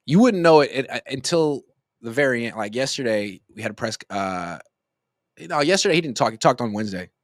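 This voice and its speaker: A man in his late thirties chatting through sports commentary in a loose, rambling way, full of jokes and asides. His voice sits at an ordinary middle pitch. The sound is close and dry, with no room echo. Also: animated, brisk. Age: 30s. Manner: rambling, joking storyteller.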